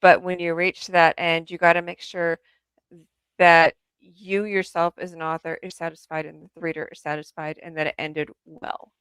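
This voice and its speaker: A woman's voice: fairly low pitch, level tone, normal speed, a bit bright, clean tone, no echo. Chatty woman author, dry close sound. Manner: chatty, laughs while telling stories. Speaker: author guest. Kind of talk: casual interview chat.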